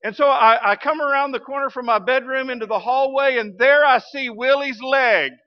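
A man, a pastor telling a story in a sermon, folksy and animated. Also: extremely high pitch, moderate pace, no echo, muffled recording. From Arkansas, US. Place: church sanctuary.

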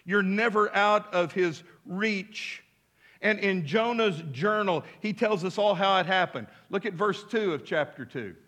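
In church, a male pastor with a high, unhurried, fairly bright voice preaches an emphatic sermon, trading call-and-response with his congregation and tossing in casual asides.

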